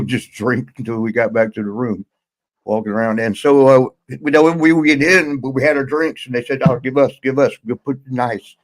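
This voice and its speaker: A man spins a loose, unscripted yarn as a podcast host, stopping and restarting often and chuckling along the way. His voice sits at an ordinary middle pitch. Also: low-quality recording. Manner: rambling, halting, chuckles through his story. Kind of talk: casual storytelling.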